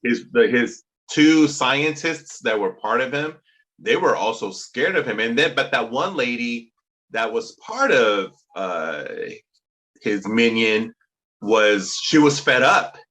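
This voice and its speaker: Podcast co-host, male, animated and bright, casual questioning chat. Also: mid-range voice, slow pace.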